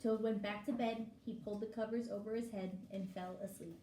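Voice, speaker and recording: Gentle woman reading a storybook aloud. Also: mid-range voice, steady tone, brisk. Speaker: storybook reader for children. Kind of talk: reading a picture book aloud. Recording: echoey room with faint hiss.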